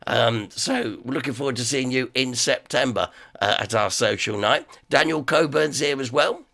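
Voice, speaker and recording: A hoarse man with an East Midlands accent chats through a live stream, his voice gravelly and full of fry from a dry, sore throat. His tone stays bright and forceful, and he rambles along cheerfully, greeting his viewers one after another. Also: mid-range voice, normal speed. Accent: East Midlands English. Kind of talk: casual live stream chat.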